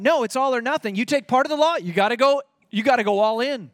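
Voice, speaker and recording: A man's voice: very high-pitched, fast talker, few pauses, a bit bright, no echo, studio quality. A man preaching a sermon, emphatic and rising when he reads out scripture. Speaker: pastor.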